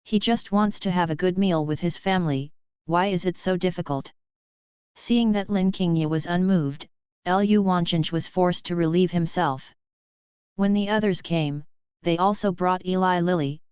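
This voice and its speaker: A woman narrating an audiobook novel in a steady, unhurried reading voice. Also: lowish voice, clean tone, no room sound, highs cut off.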